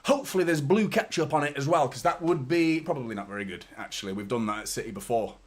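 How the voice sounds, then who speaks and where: A man hosting a football fan watchalong stream, chatting casually, excitably and at a rambling pace, with casual swearing. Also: medium pitch, fast talker. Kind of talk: casual live-stream chat.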